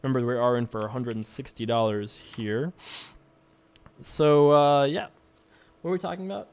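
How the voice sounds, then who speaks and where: A man casually commenting on his own online poker play as host, rambling and relaxed with frequent filler words. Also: medium pitch, moderate pace, clear, resonant tone, no room sound. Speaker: poker player and show host.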